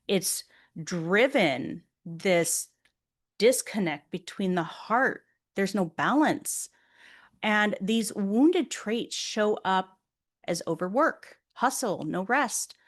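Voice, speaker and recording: Earnest woman podcast host. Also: mid-range voice. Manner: earnest, candid, speaks directly to listening moms. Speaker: podcast host and life coach. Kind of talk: personal storytelling monologue.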